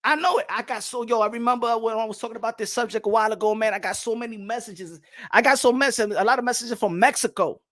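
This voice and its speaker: Fired-up ranting man with sharp tone. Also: very high voice. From New York. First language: Spanish. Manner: passionate ranting, repeats lines, sometimes shouts. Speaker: boxing talk show host. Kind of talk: livestream panel monologue.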